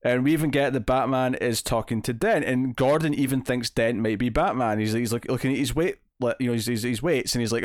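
A man's voice: mid-range voice, fairly quick, hardly any pauses, no echo, studio quality. A man co-hosting a casual comic book discussion, rambling with many fillers and restarts, acting out lines as he retells scenes. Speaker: podcast co-host.

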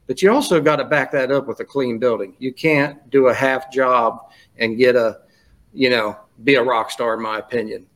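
A man's voice: mid-range voice, steady tone, moderate pace, a bit bright. A middle-aged man, a guest on a podcast, telling stories in a casual chat with frequent restarts and "you know"s. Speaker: guest, retired school custodial administrator.

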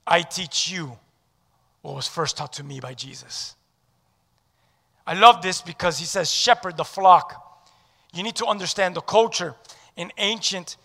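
High, bright-voiced emphatic male preacher. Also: gravelly, long reverb tail. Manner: emphatic, swinging between loud declarations and hushed lines; leads the audience in call-and-response. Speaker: pastor. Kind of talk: sermon.

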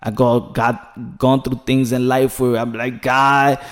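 A man giving passionate, preachy commentary in a vlog, swinging from hushed to loud and emphatic. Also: medium pitch, level tone, slow. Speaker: commentary vlogger.

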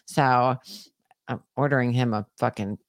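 A woman co-hosting a podcast, telling a story in a casual chat with animated delivery and plenty of swearing. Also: rumbling low, measured pace, no echo, clean studio sound. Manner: animated storytelling, heavy swearing, shouts when acting out scenes. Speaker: podcast co-host.

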